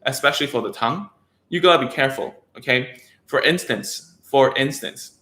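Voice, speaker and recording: A man's voice: mid-range voice, expressive, normal speed, sharp tone, echoey room. A man working as a speech therapist, explaining things to parents in a casual, rambling way with lots of fillers and "okay?" checks. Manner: conversational, rambling with frequent fillers and tag questions. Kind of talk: casual educational talk to parents.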